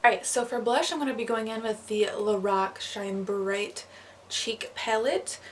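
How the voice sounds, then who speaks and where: A woman's voice: fairly high pitch, fairly even intonation, unhurried, loud music behind the voice. A young woman talking through a makeup tutorial in a casual, chatty way, full of "um" and "like". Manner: chatty, casual, filler-heavy with "um" and "like". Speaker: makeup artist. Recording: slightly distant mic with faint noise.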